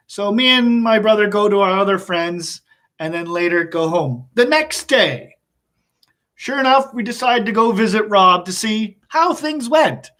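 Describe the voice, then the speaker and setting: A male teacher telling a story in a public speaking lesson, animated, often laughing and asking his listeners questions. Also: high-pitched.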